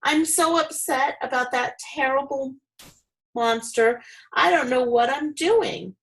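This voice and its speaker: A woman doing a timid, anxious farmer's wife from a storybook, high and fluttery. Her voice carries a slight gravel. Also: very animated, measured pace, full character voice, rough recording. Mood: nervous. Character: nervous fretful farmer's wife.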